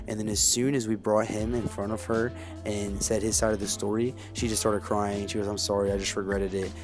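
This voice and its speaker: Young man, low voice, let's play commentary, cursing and heated, game music underneath. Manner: profane, blunt and heated. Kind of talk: casual gameplay commentary and storytelling.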